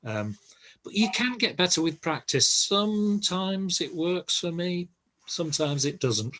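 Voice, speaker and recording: An older man giving a relaxed, reassuring language lesson, pausing often with ums and uhs. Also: sits high. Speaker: Spanish teacher.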